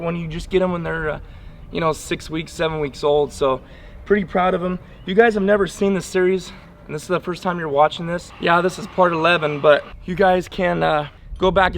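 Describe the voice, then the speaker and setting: A man with a slightly high, gravelly voice talks straight to the camera while training his dog outside. He is plain-spoken and repeats himself, and faint outdoor noise sits behind him. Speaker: dog trainer, channel host. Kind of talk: casual training vlog.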